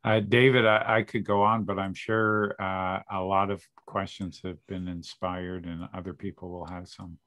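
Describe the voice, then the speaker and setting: A man interviewing a guest over a video call, speaking hesitantly with halting pauses. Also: sits low, flat delivery, fairly bright tone, no echo.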